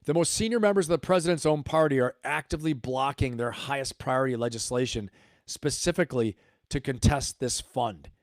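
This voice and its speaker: A man's voice: medium pitch, brisk, no room sound, studio quality. A man hosting a livestream, giving emphatic commentary and repeating his points for stress. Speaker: host.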